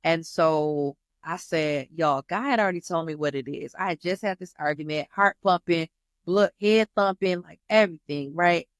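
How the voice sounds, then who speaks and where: A woman's voice: mid-range voice, normal speed, clear, resonant tone, no room sound, clean studio sound. A woman hosting her own show, speaking candidly and with animation about her personal journey, calling her listeners "y'all". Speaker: host. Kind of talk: personal testimony.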